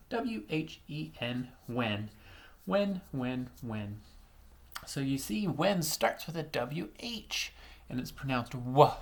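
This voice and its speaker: Lively sing-song male reading teacher. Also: mid-range voice, creaky. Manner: chants rhymes and claps syllables in a sing-song way; spells words slowly, letter by letter. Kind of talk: early-grade reading lesson for children.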